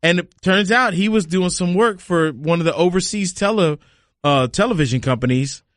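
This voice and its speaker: A man's voice: sits high, normal speed, no room sound. A man co-hosting a podcast in a studio, telling a story casually and acting out the quotes. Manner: lively storytelling, acts out quotes. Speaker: podcast co-host, caddie. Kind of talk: casual chat. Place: radio studio.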